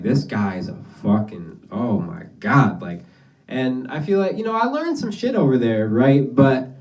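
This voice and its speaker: A man's voice: medium pitch, a little mellow, recorded from a distance. A young man doing his first stand-up set, telling rambling, profane stories in a casual way. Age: young adult. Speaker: stand-up comedian. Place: small basement venue.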